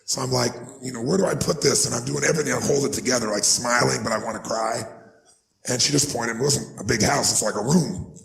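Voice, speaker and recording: A man telling an emotional personal story as a motivational speaker, earnest and climbing higher in pitch as his feelings build. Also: fast, gravelly. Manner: earnest, building to rising excited pitch when moved. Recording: echoey room with faint music underneath.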